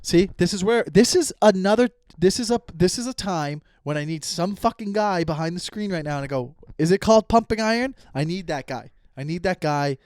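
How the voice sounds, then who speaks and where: A man in his thirties hosts a solo comedy podcast, drifting from tangent to tangent with plenty of swearing and frequent restarts. His voice sits a little high for a man. It sounds close and dry, with no room echo. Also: expressive, a little fast, hardly any pauses, darkish tone. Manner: profane, self-interrupting, goes off on tangents. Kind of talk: rambling solo podcast monologue. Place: at home, lying down.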